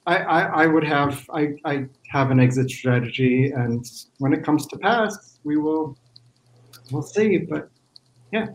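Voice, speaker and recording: A man, a podcast guest, speaking in a measured, thoughtful way in casual chat. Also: on the high side, low-quality recording. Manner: measured, thoughtful, with small restarts.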